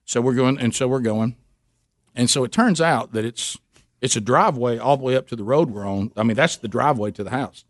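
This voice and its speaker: A man's voice: a little fast, no room sound, clean studio sound. A man hosting a radio show, telling a story and acting out the voices of his family. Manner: animated, acts out voices of family in his story, climbing in pitch.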